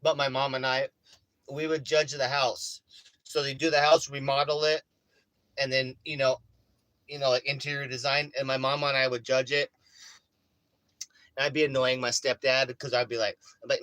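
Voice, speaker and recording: A man chatting casually in a vlog from inside his RV, rambling and swearing, getting animated when he acts out stories. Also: medium pitch, moderate pace, pauses often, no room sound, rough recording. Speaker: vlogger. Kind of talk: casual chat.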